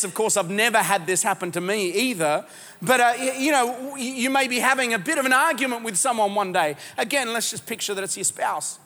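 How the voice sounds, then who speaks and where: High-voiced male pastor in a reverberant hall. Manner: animated, jokey storytelling with lots of restarts. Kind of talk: live sermon. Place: large church auditorium.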